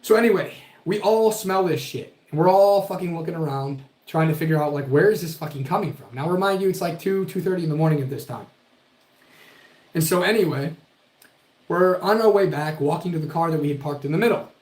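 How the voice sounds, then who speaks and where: A man's voice: on the high side, fairly quick. A man casually telling a spooky story with lots of swearing. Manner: profane, animated storytelling. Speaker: podcast guest telling a ghost story. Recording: echoey room.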